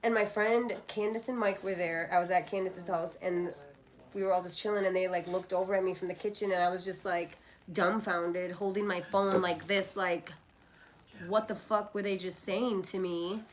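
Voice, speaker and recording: A woman's voice: fairly low pitch, steady tone, normal speed, poor audio. A woman in her thirties, a podcast guest talking candidly and bluntly, with rambling asides and frequent swearing. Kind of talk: candid casual conversation.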